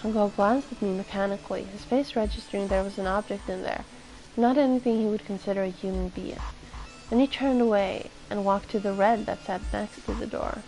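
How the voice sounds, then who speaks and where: Woman game streamer, reads game text aloud, casual chat, mid pitch, faint music behind. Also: fairly even intonation, brisk, dark tone, poor audio. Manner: casual, swears and muses aloud.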